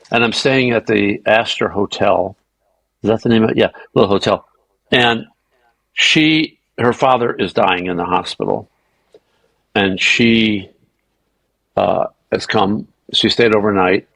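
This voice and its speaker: An older man, a guest actor, telling animated, salty anecdotes in an interview. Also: on the low side, gravelly, no echo, rough recording. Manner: animated raconteur, swearing. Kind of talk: anecdotal storytelling.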